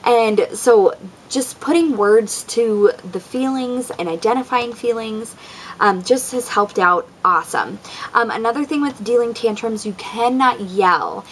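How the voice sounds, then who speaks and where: Chatty young mom giving advice. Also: female voice, fairly high pitch, unhurried, slight background noise, poor audio. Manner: chatty, lots of ums and likes, acts out quotes. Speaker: parent vlogger. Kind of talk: casual advice talk.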